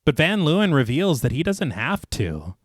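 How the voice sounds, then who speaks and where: Recapping a horror film, an animated podcast co-host talks at a moderate pace in clean studio sound without echo. The narration is scripted yet dramatic, with casual asides; he reads movie quotes in a lowered voice and laughs at his own jokes.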